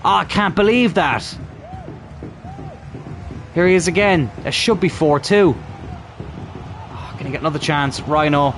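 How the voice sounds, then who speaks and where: This man's voice sits on the high side and is fairly bright; he speaks unhurriedly with long pauses over slight background noise. He's a YouTuber giving live commentary on his own football career-mode game, exasperated, cursing, and pushing his on-screen players to do better.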